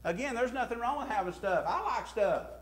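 A male pastor preaching a sermon, swinging from emphatic bursts to quiet, low drops. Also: animated, a little fast.

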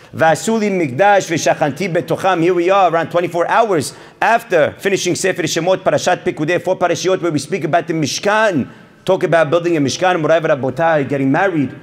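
A man, a rabbi, giving a Torah sermon, swinging between loud emphasis and hushed lines and sprinkling in Hebrew terms. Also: a little high. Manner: sprinkles Hebrew terms, addresses audience as Morai Rabotai.

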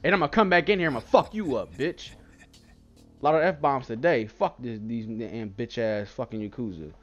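A man's voice: mid-range voice, lively intonation, brisk, dull audio, soft background music. A young man commentating his own game play, trash-talking the characters with constant swearing. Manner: profane trash talk at the game. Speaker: gaming YouTuber.

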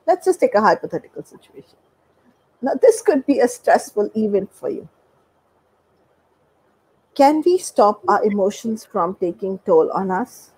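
A woman's voice: fairly high pitch, darkish tone, breathy edge, rough recording. A woman, a doctor and guest expert, explaining in a conversational way and acting out everyday examples. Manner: explanatory, acts out examples with quoted voices.

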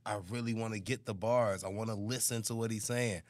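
A man's voice: on the low side, fairly even intonation, a little fast, dry recording. A man with an American accent, co-hosting a casual podcast, talking earnestly and candidly and admitting he is picky about clarity. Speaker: podcast co-host reacting to music. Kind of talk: casual reaction chat.

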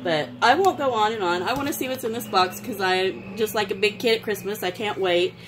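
Woman vlogger, effusive, middle pitch, faint noise behind. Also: fairly quick. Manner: gushing, sentimental, exclaims often. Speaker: craft vlogger. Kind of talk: casual unboxing chat.

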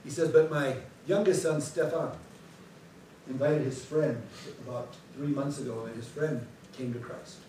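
Pastor, male, animated storyteller; distant mic, big room echo, faint hiss. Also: medium pitch, a little slow. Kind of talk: church announcements before a sermon. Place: church sanctuary. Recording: echoey sanctuary, distant mic.

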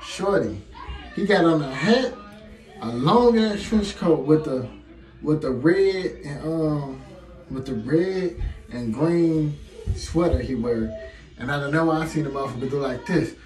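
A man in his twenties with a heavy Chicago accent, telling a story to camera in a lively, slangy way and laughing often. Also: fairly high pitch, a little slow. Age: 20s. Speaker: vlogger. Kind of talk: casual storytime. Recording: echoey room, faint music.

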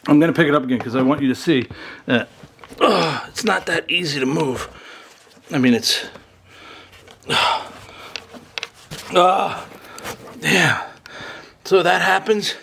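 A man filming a solo ghost-hunting vlog, excited and coughing, short of breath from the dust. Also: a little high, creaky, slight background noise. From United States. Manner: excited, exclaiming to viewers. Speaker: paranormal investigator vlogger.

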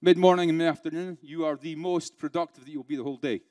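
A man with a British accent speaks at a live conference keynote in a conference room, chatting with the audience through rhetorical questions and dry sarcasm. His slightly high voice stays steady and darkish as he talks fast, captured in a dry recording.

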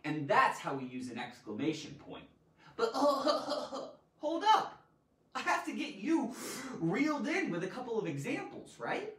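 A woman teaching a live online grammar lesson, animated and theatrical, with loud exclamations. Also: medium pitch, normal speed, reverberant, distant mic, low-quality recording.

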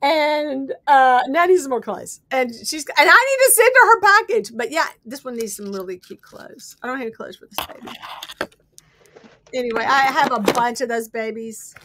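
A woman's voice: high voice, expressive, normal speed, sharp tone, slight background noise. A middle-aged woman hosting a casual live crafting chat, rambling and laughing often as she shows her finds. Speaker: host.

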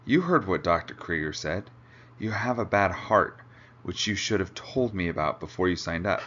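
A calm, matter-of-fact male expedition leader who speaks firmly, read aloud by a man. His voice is low. The recording sounds dull and lo-fi. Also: normal speed.

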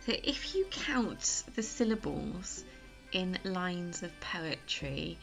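A woman's voice: lowish voice, lively intonation, takes it slowly, gravelly, fairly bright tone, soft background music. A woman with an English accent, teaching a recorded school lesson and explaining patiently step by step, with frequent fillers.

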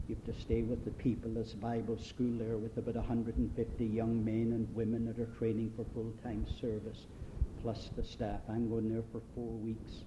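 A man from Great Britain preaching a sermon, telling stories from a mission trip in a storytelling way. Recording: dull old sermon tape with faint hiss and rumble.

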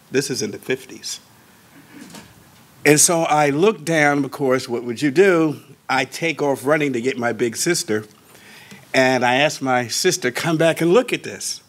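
Older man telling a personal testimony. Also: mid-range voice. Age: 60s. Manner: animated, swings between soft asides and raised emphasis; slows down and draws out key words. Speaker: Baptist pastor.

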